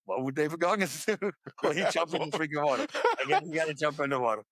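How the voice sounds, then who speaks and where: A man in his sixties, a podcast guest, telling stories in an animated, emphatic way. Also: a little high, fast talker, no room sound. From Netherlands. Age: 60s. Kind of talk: casual chat.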